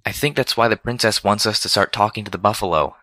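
A man's voice: medium pitch, expressive, a little fast, sharp tone, no room sound, clean studio sound, voice pushed up. A man voicing a studious, earnest female pony leader who speaks firmly. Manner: earnest, firm, commanding.

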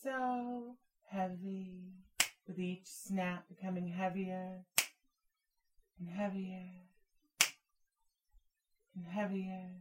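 Very slow sultry female hypnotist. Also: on the low side, steady tone, heavy background noise. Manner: sultry, drawn-out, repetitive hypnotic cadence.

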